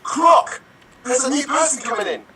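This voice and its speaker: A man voicing an anxious, insecure nail technician in an online improv scene, prone to excitable outbursts, on a video call. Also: on the high side, moderate pace, crowd noise, lightly acted. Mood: fretful.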